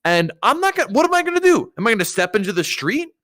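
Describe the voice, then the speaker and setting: A man's voice: extremely high pitch, sing-song, fast, bright, forceful tone. A young man co-hosting a casual stream, joking and rambling with many restarts. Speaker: streamer co-host.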